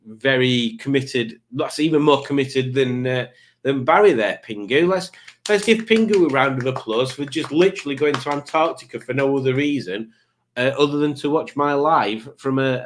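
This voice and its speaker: A man hosts a relaxed live stream, chatting through viewer comments in a rambling, joking way. He talks at a middle pitch and often trips over his own sentences before starting them again. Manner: rambling, jokey, waffling with many restarts.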